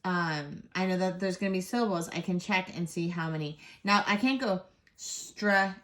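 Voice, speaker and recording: A woman teaching a first grade phonics lesson, sounding out letters slowly and patiently and praising the class. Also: on the low side, a bit bright.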